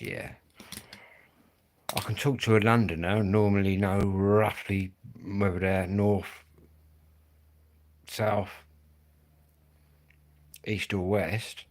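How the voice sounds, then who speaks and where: A middle-aged man with a Kent accent, chatting casually and rambling with viewers on a livestream, swearing and dropping blokey slang. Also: fairly low pitch. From England. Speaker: livestream host.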